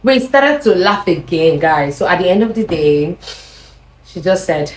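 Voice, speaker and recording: Lively Nigerian woman telling a story. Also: on the low side, measured pace, slight background noise. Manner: animated, acts out quoted lines. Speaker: vlogger. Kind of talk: casual storytelling. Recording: echoey room.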